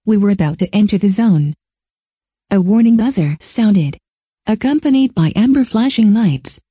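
Woman story reader, measured narration, very dark husky tone, lo-fi. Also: mid-range voice, expressive, dry recording. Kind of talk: scripted narration. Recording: dull lo-fi dry recording.

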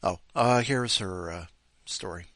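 A man's voice: low-pitched, measured pace, a bit bright, no echo. A man hosting a podcast, chatting casually and rambling playfully. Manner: rambling, playful, talks to his cat. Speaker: podcast host. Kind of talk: casual chat.

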